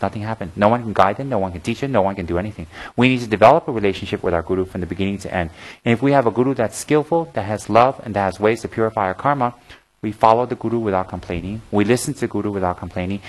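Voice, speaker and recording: A man delivering a Buddhist dharma talk in a somewhat low voice. He teaches in a frank, plain-spoken way, repeats his key points for emphasis, and often breaks into humorous, animated storytelling. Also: low-quality recording.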